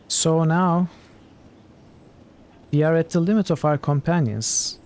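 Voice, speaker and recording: A man's voice: fairly high pitch, takes it slowly. A male streamer giving casual, musing let's-play commentary at his computer. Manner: relaxed, musing, laughs easily. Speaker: game streamer.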